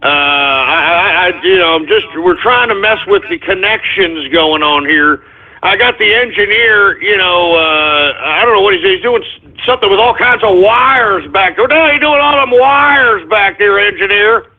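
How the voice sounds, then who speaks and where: Brief: irritated male host, higher voice, swearing rambler, tinny phone-line sound. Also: expressive, normal speed, slight background noise. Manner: agitated, swearing, rambling with many fillers. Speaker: radio show host. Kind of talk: live call-in radio rant.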